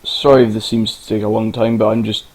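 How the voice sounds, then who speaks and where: A man's voice: fairly low pitch, little pitch movement, quick pace, darkish tone, rough recording. A man narrating a casual game tutorial, rambling and informal, with the odd swear.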